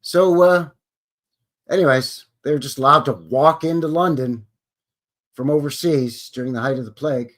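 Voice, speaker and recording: A man's voice: fairly high pitch, moderate pace, a bit bright. A Canadian man hosting a live stream, reading history aloud with sarcastic, joking asides and greeting viewers. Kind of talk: casual commentary while reading aloud.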